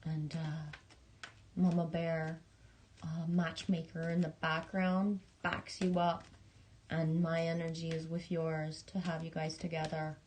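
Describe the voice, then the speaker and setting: Halting, rambling woman livestreamer. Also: low voice, level tone, darkish tone, slight background noise. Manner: halting, rambling, with many restarts and swearing; affectionate, talking straight to viewers. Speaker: livestream host. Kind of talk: casual livestream chat reading viewer messages.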